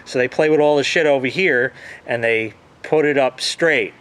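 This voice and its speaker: A vlogger delivers a casual, profane rant to his audience in a mid-range, fairly bright voice at a moderate pace. He swears freely and replays conversations as quoted dialogue.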